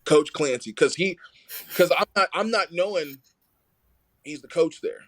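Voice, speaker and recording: A young adult man telling a story in casual conversation, animated and full of "like" fillers, acting out the quoted dialogue. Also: a little high, a little slow. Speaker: rugby player, podcast guest.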